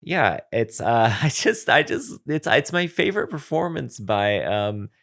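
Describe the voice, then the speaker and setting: A man co-hosting a podcast in casual chat, often pausing and restarting his sentences. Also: medium pitch, sing-song, vocal fry, a bit bright. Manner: halting, lots of ums and restarts. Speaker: podcast co-host.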